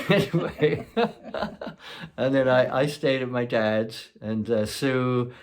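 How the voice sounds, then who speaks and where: Brief: male host, easygoing storyteller, middle-pitched voice, loose and rambling. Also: slow. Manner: rambling, chuckling, full of "you know". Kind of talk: casual storytelling.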